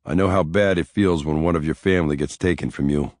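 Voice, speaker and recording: A man voicing a gruff big police detective. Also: a bass voice, fast, darkish tone, no room sound, studio quality. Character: blunt big male police detective, middle-aged.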